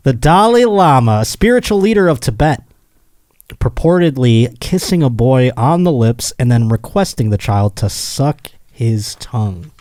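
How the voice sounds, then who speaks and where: Male comedy podcast host, lively pitch, sarcastic riffing, dry close studio sound. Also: unhurried, dry recording. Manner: sarcastic, riffing on clips with mocking impressions. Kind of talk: casual comedic recap with guests.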